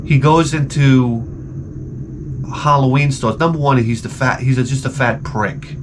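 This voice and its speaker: A man hosting a video delivers a profane, comedic rant in a steady, medium-pitched voice at a measured pace, with background noise behind him. Exasperated and digressive, he often stumbles, repeating and restarting words.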